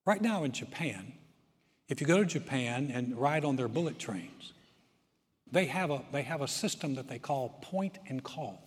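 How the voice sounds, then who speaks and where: A man's voice: mid-range voice, expressive, moderate pace, slightly rough. A man from the States, preaching with folksy humor and often repeating words as he starts a thought over. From Southern United States. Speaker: pastor. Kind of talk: sermon with humor. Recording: long reverb of a large hall.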